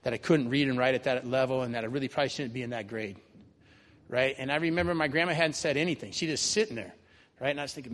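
A man's voice: medium pitch, fast, fairly bright tone. A man telling a personal story to a live audience in a conversational way, often tagging on "right?". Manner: conversational, keeps adding "right?". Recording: long reverb of a large hall.

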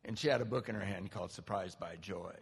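A middle-aged man giving a personal recovery testimony, animated storytelling with acted-out quotes. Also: deep voice, quick pace, gravelly, breathy edge. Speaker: speaker sharing a recovery story. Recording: long hall reverb.

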